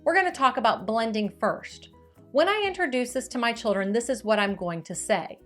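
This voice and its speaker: A woman teaching parents early reading skills, talking in a clear, upbeat way and slowing down to stretch out words as she demonstrates. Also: on the high side, expressive, a bit bright, soft background music. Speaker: teacher giving tips to parents. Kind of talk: instructional video.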